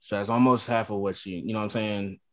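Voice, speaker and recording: Laid-back lower-voiced man asking questions. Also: fairly even intonation, fast talker. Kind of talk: casual chat.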